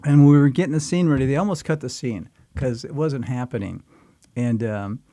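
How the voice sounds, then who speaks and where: A man's voice: mid-range voice, fairly quick, warm tone, dry recording. An older man, a guest actor, telling a rambling, folksy story in casual conversation.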